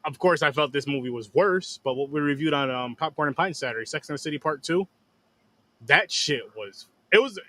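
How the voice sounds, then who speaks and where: A man's voice: on the high side, fairly quick, pushed and bright. A man hosting a casual horror movie review show, rambling with restarts and swearing. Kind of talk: casual chat.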